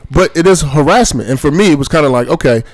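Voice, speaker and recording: Gravelly man chatting on a podcast. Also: fairly high pitch, animated, no room sound. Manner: earnest, halting, many fillers. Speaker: podcast co-host. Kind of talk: casual podcast chat.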